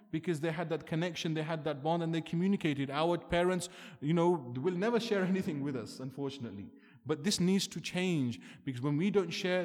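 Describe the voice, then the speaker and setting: A man's voice: medium pitch, darkish tone. A man preaching an earnest, emphatic sermon, asking rhetorical questions as he lectures. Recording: long hall reverb.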